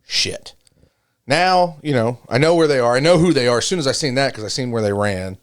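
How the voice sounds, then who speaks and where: A man's voice: mid-range voice, fairly quick, clear, resonant tone. A middle-aged man on a casual podcast, telling a joking, profane story. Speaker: podcast co-host. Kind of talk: casual chat.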